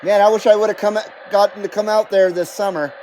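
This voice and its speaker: A man's voice: high-pitched, steady tone, brisk, a little mellow, a little hiss or hum. An American man hosting a CB radio livestream from his home radio room, chatting casually, reading viewer comments aloud and swearing now and then.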